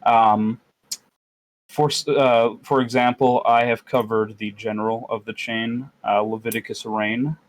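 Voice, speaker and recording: A man in casual podcast chat, running a tabletop campaign as game master. He rambles and jokes, filling pauses with ums and uhs, and talks at an ordinary middle pitch. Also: level tone, rough recording. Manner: rambling, jokey, lots of fillers.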